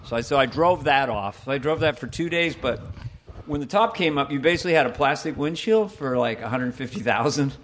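A man's voice: medium pitch, brisk, a bit bright, slight background noise. A man chatting casually on a podcast, rambling through anecdotes and laughing often. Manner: rambling, laughs while telling stories. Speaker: comedian guest.

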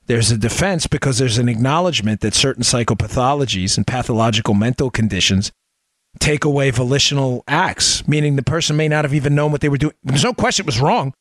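Talking fast in a medium-pitched, slightly bright voice, a middle-aged man hosts a political podcast. Close on the mic, he gives an impassioned, emphatic monologue full of rhetorical questions. The recording is dry.

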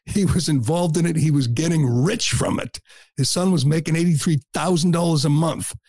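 A man's voice: on the high side, normal speed, a little mellow, no echo, studio quality. A middle-aged man hosting a talk show, delivering a blunt, combative and scornful opinion monologue.

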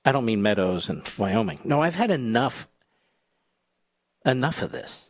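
A man hosting a talk radio show, delivering a combative, sarcastic monologue that swings between loud outbursts and low asides. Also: big pitch swings, normal speed, no room sound.

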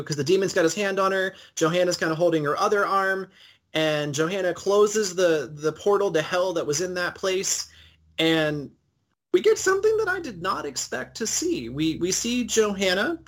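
A man's voice: fairly high pitch, fairly bright tone. A man co-hosting a podcast, retelling and analyzing a TV episode in a casual, enthusiastic way, with many fillers. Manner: enthusiastic, detailed storyteller who uses many fillers. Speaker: podcast co-host.

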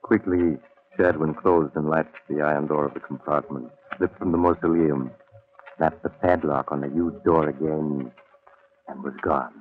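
A man narrating an old radio drama in a measured storytelling way. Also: rumbling low, steady tone. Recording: tinny old radio broadcast.

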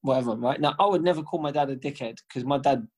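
A man's voice: mid-range voice, fast. A young man, co-hosting a podcast and telling a long family story in casual, slangy, profane chat. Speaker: podcast co-host.

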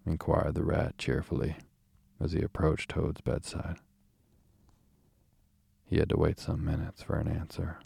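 A man narrating a classic storybook in a measured, steady reading. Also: extremely low pitch, vocal fry, breathy edge, no room sound.

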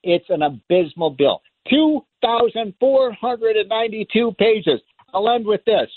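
A man with a fairly high voice delivers an impassioned political monologue as a radio talk host. He is emphatic and sarcastic and drives each point home through repetition. The sound is thin and phone-like, with no room echo. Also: lively intonation, a little slow. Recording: tinny phone-line sound, dry.

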